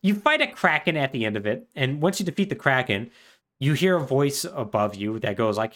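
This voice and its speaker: Wry, animated podcast co-host man. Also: medium pitch, a little fast. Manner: chatty and wry, full of fillers. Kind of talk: casual plot recap.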